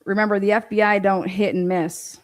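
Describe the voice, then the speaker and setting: Woman commentator, indignant and profane, mid-pitched, rebuts the documents she reads aloud. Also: steady tone, fairly quick. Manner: mocks others in quoted voices; reads court filings aloud and rebuts them. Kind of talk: ranting commentary on a court case.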